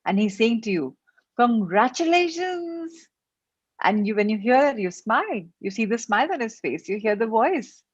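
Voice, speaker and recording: A woman's voice: mid-range voice, no room sound. Indian-accented woman coach, instructive and repetitive, dry dull mic, call audio. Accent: Indian English. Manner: mixes English and Hindi, instructive, repeats herself. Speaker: session leader, self-help coach. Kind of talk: guided self-help class.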